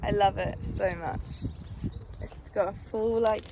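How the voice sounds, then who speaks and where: Hoarse, chatty young woman. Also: mid-range voice, steady tone, slow pace, background noise. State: hoarse after illness. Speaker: vlogger. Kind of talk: casual vlog chat.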